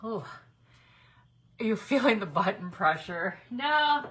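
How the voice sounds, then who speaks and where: Bright, chatty woman host. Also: medium pitch, animated, slow pace, slight background noise, rough recording. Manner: chatty, folksy, talks to viewers by name. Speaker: craft livestream host. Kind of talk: casual live-stream chat.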